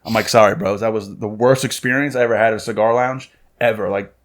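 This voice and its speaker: A man's voice: fairly low pitch, quick pace. A man in his thirties, a podcast host, telling a story in a loose, profane chat and acting out what people said. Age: 30s. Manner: profane, animated storytelling with acted-out quotes. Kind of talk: casual chat.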